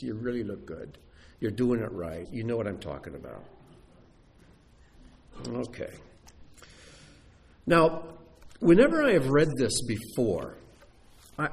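Lively man preaching a sermon. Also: mid-range voice. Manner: animated, asks the congregation questions. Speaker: pastor. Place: sanctuary before a congregation.

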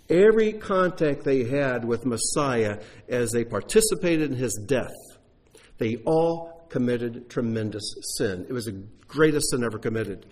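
Male preacher, husky, lively delivery with rhetorical questions. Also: medium pitch. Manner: animated, conversational teaching with rhetorical questions. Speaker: Bible teacher. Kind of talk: sermon.

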